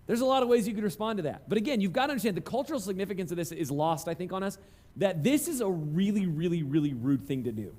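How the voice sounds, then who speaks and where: High-voiced preacher. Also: male voice, expressive, fast talker, dark tone. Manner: conversational, self-deprecating storytelling. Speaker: pastor. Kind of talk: sermon.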